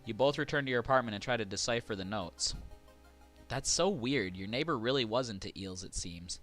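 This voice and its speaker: Man, mid-pitched voice, live game stream, reads game text aloud, chatty asides, faint music behind. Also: a little fast, a bit bright. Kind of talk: live gameplay commentary.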